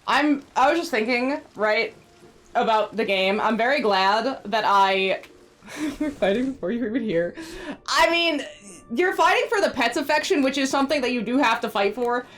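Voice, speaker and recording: A woman's voice: a little high, expressive, moderate pace, a bit bright. A woman streamer chatting casually while she plays, rambling and talking sweetly to her pets. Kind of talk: casual live-stream chat while gaming.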